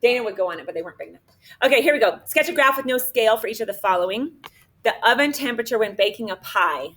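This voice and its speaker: A middle-aged woman teaching math to a class, lively and chatty, often checking in with her listeners. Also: a little high, very fast. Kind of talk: animated classroom storytelling and teaching. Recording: echoey classroom recorded from a distance.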